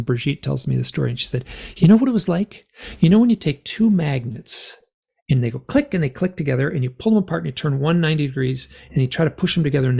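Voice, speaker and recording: A man telling his story in a rambling, animated way, full of fillers, as a guest on an interview show. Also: medium pitch, vocal fry. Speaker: guest author and experiencer. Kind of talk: conversational storytelling.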